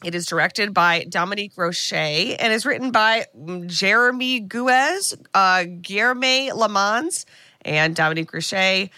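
A woman's voice: mid-range voice, measured pace, bright, forceful tone, dry recording. A woman co-hosting a casual podcast, chatty and full of fillers and restarts. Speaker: podcast co-host.

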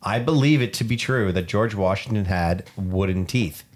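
A man's voice: lowish voice, normal speed. A young man co-hosting a podcast in casual chat, joking and chatty. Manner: chatty, jokey. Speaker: podcast co-host.

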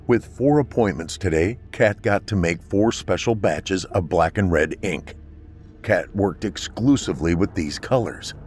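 Deep-voiced man narrating a horror story. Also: a little hiss or hum. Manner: steady, measured storytelling.

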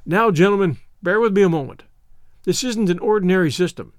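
A man voicing a calm, courteous young gambler who speaks in a measured way. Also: high voice, no echo, studio quality, close to an everyday voice. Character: cool-headed gambler man, calm and polite.

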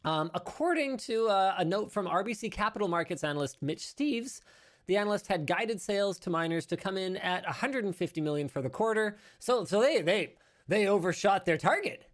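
A man's voice: high-pitched, animated, a little fast. A male show host talking through tech news in a casual, rambling way, correcting himself and adding joking asides.

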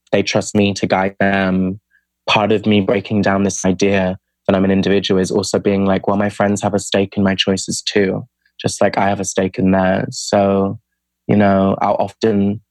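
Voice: low-pitched, a little mellow, no echo. Young adult chatty podcast guest. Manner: chatty, fills speech with "like", acts out quoted friends. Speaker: podcast guest, spoken word poet. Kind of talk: casual storytelling interview.

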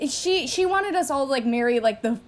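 A woman's voice: sits high, fairly quick. A young woman co-hosting a casual podcast, telling a personal story with lots of laughter and "like" fillers. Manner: animated, laughing, many "like" fillers. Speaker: podcast co-host.

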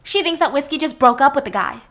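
A woman's voice: high-pitched, expressive, fast talker, a bit bright. A woman recapping a film plot to a friend, acting out quoted lines and dropping to whispers for tense moments. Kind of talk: animated movie recap with acted-out quotes.

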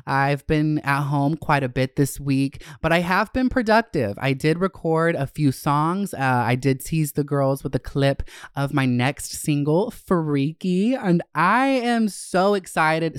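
A man hosting his own podcast in a camp, chatty solo talk, gushing about himself with sudden swoops up in pitch. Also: clean tone, dry recording, studio quality. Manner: gushing and self-hyping. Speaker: podcast host. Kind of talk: casual solo podcast chat.

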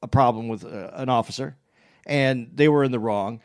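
A man chatting casually, telling a story in a rambling way with many restarts and self-corrections, and growing animated as he retells exchanges. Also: mid-range voice, normal speed.

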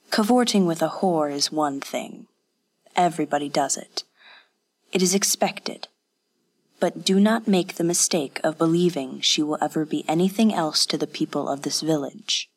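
A knowing, faintly mocking village constable speaks in a dry, low-set voice, as a woman reads him in an audiobook. He sounds like he is always half amused. The telling is plain storybook narration. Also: normal speed. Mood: warning. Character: wry male village constable, teasing mentor. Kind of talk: audiobook character voice.

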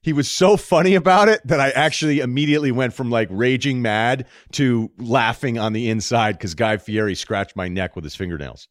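A man's voice: medium pitch, brisk, few pauses, no room sound. Dry-voiced man hosting a casual chat. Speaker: podcast host.

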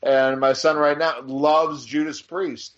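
A man's voice: a little high, steady tone, takes it slowly, a bit bright. A man co-hosting a casual chat, telling stories in a rambling, profane way with lots of restarts. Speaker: podcast co-host. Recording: dull lo-fi sound.

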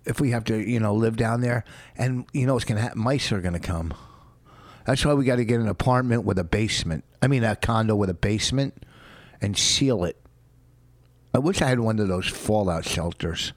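A man in casual chat who rambles with halting fillers and casual swearing, earnest and defensive. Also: fairly low pitch, no room sound.

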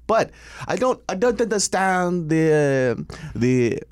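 A man's voice: high-pitched, sing-song, slow pace, clean tone, no room sound, clean studio sound. A man co-hosting a podcast in casual chat, blunt and joking with plenty of swearing. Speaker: podcast co-host. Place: podcast studio.

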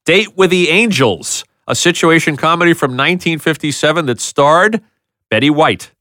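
A man hosting a podcast, chatting casually and reading out TV show titles, names and dates in a quick, animated way. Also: a little high, dry recording, studio quality. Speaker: podcast host. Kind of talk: casual chat, reading out TV listings.

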